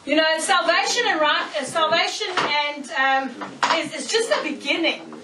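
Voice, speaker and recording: A woman preacher giving a sermon, telling stories in an animated way, often laughing and checking in with "okay?". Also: high-pitched, normal speed, very noisy. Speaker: preacher, prophetess. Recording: echoey room, mic far off.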